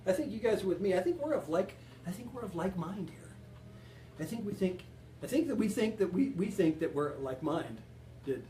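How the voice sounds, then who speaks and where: A man's voice: high voice, expressive, moderate pace, mellow, a little hiss or hum. A man hosting a home cocktail show, rambling and joking as he talks to his viewers while mixing a drink. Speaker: home bartending show host. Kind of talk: joking casual cocktail demo. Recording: echoey room, distant mic.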